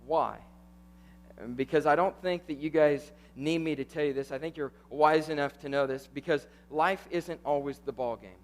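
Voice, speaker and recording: A young man, a youth pastor telling a story in a sermon, animated, tagging lines with "right?". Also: a little high, normal speed. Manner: animated, keeps asking "right?".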